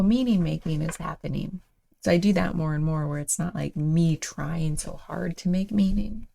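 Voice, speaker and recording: Woman, host, low voice, gravelly, casual spoken reflection, meandering with fillers. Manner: thoughtful, meandering, many fillers, soft laughs. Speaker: host of a daily reflection show.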